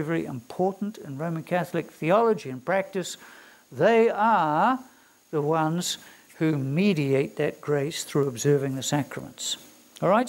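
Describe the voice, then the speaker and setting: A man with a New Zealand accent giving a theology lecture to students, emphatic and fond of rhetorical questions. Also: on the high side. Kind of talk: classroom lecture.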